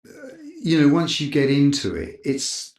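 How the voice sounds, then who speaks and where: A middle-aged man, a camera operator guest, telling a lively anecdote in a casual interview and acting out other people's lines. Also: on the high side, normal speed. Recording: roomy echo.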